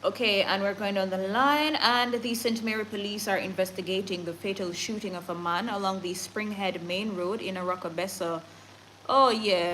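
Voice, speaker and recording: A woman reads the nightly news in a bright, forceful voice, stopping now and then to talk straight to her viewers. A faint hiss of noise sits under the recording. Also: mid-range voice, normal speed, low-quality recording. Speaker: news show host. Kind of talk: casual news reading with asides.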